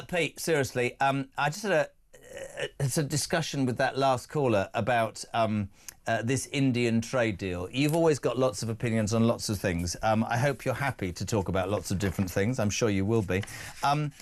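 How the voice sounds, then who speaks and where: A man hosting a live talk radio show, reading listener messages aloud in a brisk, jokey way. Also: mid-range voice.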